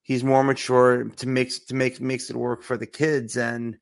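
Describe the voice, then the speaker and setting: Gravelly-voiced man chatting casually. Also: mid-range voice, little pitch movement, unhurried. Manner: laid-back, laughs often, fillers. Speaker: podcast co-host. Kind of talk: casual TV recap chat.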